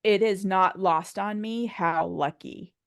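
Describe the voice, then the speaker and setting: A woman in her forties, a guest on a podcast, tells a personal story in a chatty, animated way, acting out other people's dialogue and laughing often. Her voice is medium-pitched and gravelly with a clean tone, and she speaks slowly. The recording is studio quality with no room sound.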